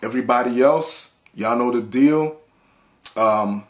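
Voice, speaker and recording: A man's voice: mid-range voice, measured pace. A man ranting to the camera about hip-hop in a blunt, profane, heated way, listing examples and restarting his sentences. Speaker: hip-hop vlogger and reviewer. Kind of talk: profane unscripted rant.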